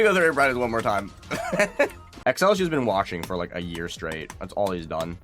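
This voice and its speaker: A man giving casual gaming stream commentary, excitable and loose-tongued, swearing and bursting into laughter. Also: on the low side, normal speed, faint music behind.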